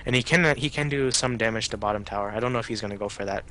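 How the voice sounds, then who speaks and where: A man giving color commentary on a game over a choppy internet call, pausing and restarting often. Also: on the low side, a bit bright, a little hiss or hum. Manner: halting, restarts and filler words. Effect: choppy internet call audio. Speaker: esports co-caster.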